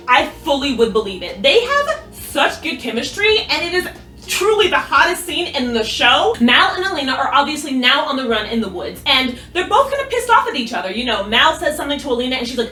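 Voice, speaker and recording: A woman in a casual recap vlog, excitable and animated, swearing freely as she retells the scenes. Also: high-pitched, a little fast. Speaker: recap youtuber. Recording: roomy, distant mic with music.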